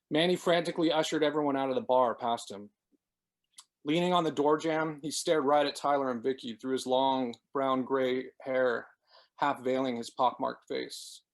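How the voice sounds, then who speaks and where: A man, the author, reading his novel aloud in a steady, measured way. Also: mid-range voice. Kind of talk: dramatic book reading.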